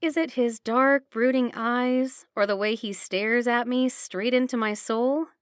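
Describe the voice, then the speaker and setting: A woman reading a first-person romance audiobook with steady, expressive narration. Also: a little high, unhurried, smooth, dry recording, clean studio sound.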